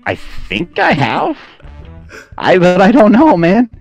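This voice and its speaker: A man's voice: high-pitched, wildly swooping pitch, slow, vocal fry, darkish tone, dull audio, faint music behind. A man chatting casually as a podcast guest, telling a story with lots of laughing and "dude" and "man". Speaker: podcast guest, flight sim air traffic controller.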